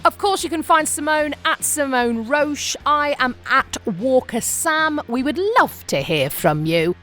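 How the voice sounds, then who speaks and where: A woman's voice: high-pitched, unhurried. A woman co-hosting a podcast in casual chat, telling stories with a laugh. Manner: chatty and laughing, lively storytelling. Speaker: podcast co-host.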